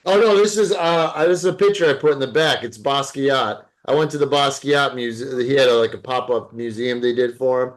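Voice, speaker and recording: A man's voice: medium pitch, steady tone, fairly quick, hardly any pauses. A man from Cleveland co-hosting a podcast, chatting in a laid-back, profane way. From Cleveland, USA. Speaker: podcast co-host. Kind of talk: casual podcast chat.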